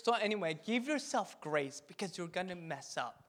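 A pastor, a man, giving an animated, jokey sermon and leading the crowd in call-and-response chants. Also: high-pitched, moderate pace, very noisy. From Korean heritage. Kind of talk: sermon talk.

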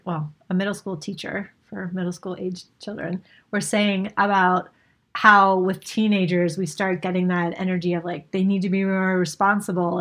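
A woman's voice: mid-range voice, fairly bright tone. A woman co-hosting a podcast, chatting in a reflective, thoughtful way with rambling phrases. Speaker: podcast co-host. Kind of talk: casual conversational podcast chat.

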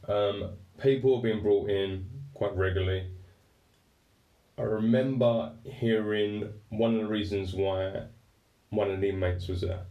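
A fairly low, dark-toned male voice with an English accent relates a personal story with raw feeling, candor and free swearing. The recording is roomy and echoey, with the speaker far from the mic.

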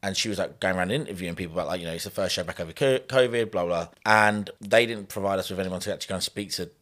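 A man's voice: low-pitched, a bit bright. A man in casual chat rattling off an anecdote, peppered with "like" and "um". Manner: quick, chatty storyteller, lots of "like" and "um".

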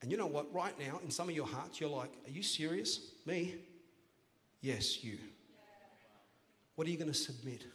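A man preaching a sermon as pastor, playful and joking, then rising to loud, emphatic calls to the congregation. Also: on the high side, moderate pace, long pauses. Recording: long church hall reverb.

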